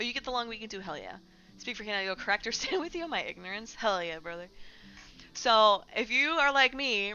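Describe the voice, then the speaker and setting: Bright-voiced woman ranting casually on stream. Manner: profane, ranting, talks to chat, mocks gamers in silly high voices. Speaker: streamer discussing game news. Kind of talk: casual livestream chat. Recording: slightly dull lo-fi stream audio with faint music.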